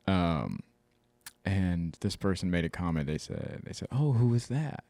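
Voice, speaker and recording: Male podcast co-host: lower voice, lively storyteller who acts out other people's lines, salty language, dry close-miked sound. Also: unhurried, no echo. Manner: animated storytelling, mimics others, swears. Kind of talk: casual chat.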